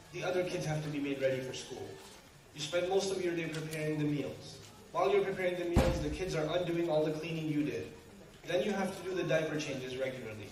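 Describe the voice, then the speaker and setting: Man, high voice, lively joking lecturer, distant mic in a very echoey hall. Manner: animated, joking, acts out family scenes. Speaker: Islamic speaker. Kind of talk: lecture to an audience.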